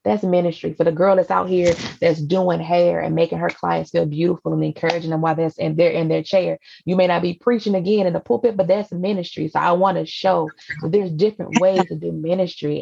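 Low, raspy-edged woman hosting a faith podcast, encouraging, dull lo-fi audio. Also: steady tone, a little fast, hardly any pauses, warm tone, slight background noise. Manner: earnest, encouraging, preacherly cadence. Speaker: podcast host. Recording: dull lo-fi sound.

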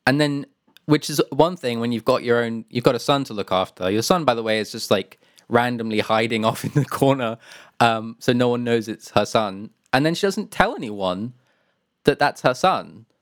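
A man's voice: medium pitch, lively intonation, normal speed, dry recording, clean studio sound. A man, co-hosting a casual podcast chat about video games, laughing often and trailing off with fillers. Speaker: podcast co-host.

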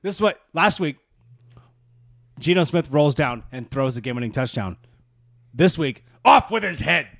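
A man co-hosting a casual sports podcast, his pitch swinging up and down as he jokes and talks trash. The sound is dry and close, with quick back-and-forth banter. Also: animated, dry recording. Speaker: podcast co-host. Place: studio room.

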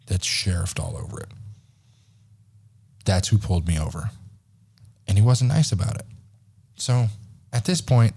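Man, thirties, podcast host, casual story, swears a lot, mellow low voice. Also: husky. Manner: animated, profane, acts out quoted dialogue.

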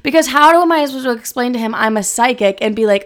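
A woman's voice: on the high side, expressive, fast talker, hardly any pauses. Young woman, podcast host, casual solo chat, brash, swears a lot, rambling.

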